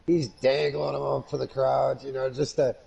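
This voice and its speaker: A man's voice: medium pitch, level tone, unhurried, creaky, mellow, slightly rough. A man co-hosting a podcast, retelling a wrestling segment blow by blow, laughing and swearing. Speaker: podcast co-host. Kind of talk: casual wrestling review chat.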